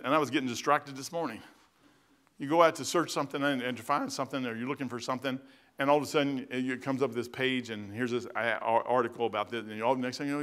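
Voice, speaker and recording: Folksy, animated preacher man. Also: mid-range voice. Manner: animated, folksy storytelling with bursts of emphasis; casual, plain-spoken preaching. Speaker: pastor. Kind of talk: sermon. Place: church sanctuary.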